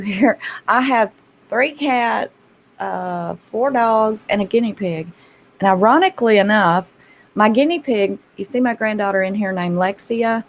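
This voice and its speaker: Grandma vlogger, middle pitch, laughs a lot, folksy storytelling, faint hiss. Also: female voice, poor audio. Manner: chatty, laughs often, addresses listeners as y'all. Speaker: channel host. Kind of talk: casual storytelling to viewers.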